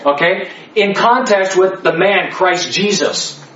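A man's voice: high-pitched, slow, sharp tone, a little hiss or hum. A man leading a Bible study for a small group, talking emphatically, repeating key words and checking in with "okay?" all the time. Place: indoor room with a listening group. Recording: echoey room, mic far off, dull lo-fi.

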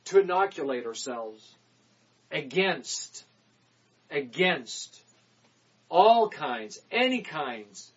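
Male preacher, sermon delivery: emphatic repeated declarations, quick asides, husky tone. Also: on the high side, very animated, a bit bright, dull audio.

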